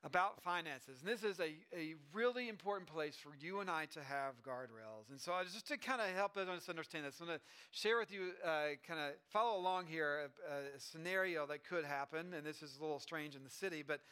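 High, bright-voiced man preaching casually. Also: animated, fairly quick, clean tone. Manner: casual and chatty, with asides and restarts. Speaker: pastor. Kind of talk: conversational sermon.

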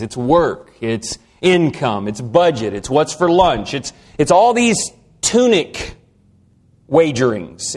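Animated male preacher, soft to emphatic. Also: a little high. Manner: conversational, asks the congregation questions, swings from soft to emphatic. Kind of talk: sermon.

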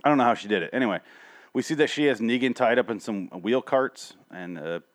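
A man's voice: mid-range voice, brisk. A young adult man hosting a show, recapping episodes in a rambling, sarcastic way with frequent swearing. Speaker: show host reviewing TV episodes. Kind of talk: casual profane rambling recap.

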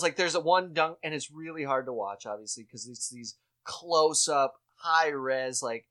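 A man, co-hosting a podcast in casual chat, telling jokey stories with lively swooping emphasis. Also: on the high side, a little slow, few pauses. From Midwestern United States. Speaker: podcast co-host.

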